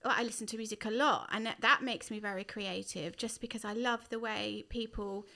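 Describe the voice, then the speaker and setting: Woman, middle-aged, podcast guest, casual chat, slightly high voice, animated and chatty. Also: creaky. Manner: animated, chatty, quick bursts with laughs. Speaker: guest writer.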